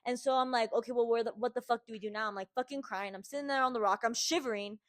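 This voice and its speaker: A woman's voice: on the high side, fairly even intonation, fast. A young woman from the United States, hosting a podcast and telling a story casually, swearing constantly and acting out her own quotes. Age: young adult. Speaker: podcast host.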